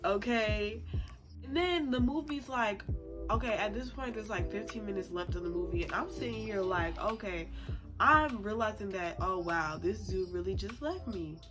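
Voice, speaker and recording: A woman's voice: mid-range voice, normal speed. Chatty young woman telling a story. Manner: chatty, expressive, slangy. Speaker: vlogger. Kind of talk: casual storytime. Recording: music playing under the voice.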